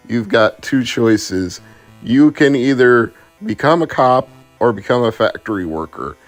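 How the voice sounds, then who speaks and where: A man with a mid-range voice reviews a retro homebrew game in a sardonic, chatty tone. He narrates his playthrough like a running story, with faint music playing in the background. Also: mid-range voice. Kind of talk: casual video game review.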